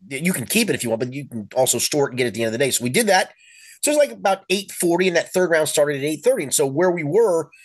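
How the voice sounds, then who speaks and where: A man's voice: fairly high pitch, no room sound. A man hosting a sports podcast, telling stories in a casual, chatty way and acting out the lines of friends. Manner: animated anecdotes, acts out quoted friends. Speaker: podcast host, sports columnist. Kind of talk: casual sports chat, storytelling.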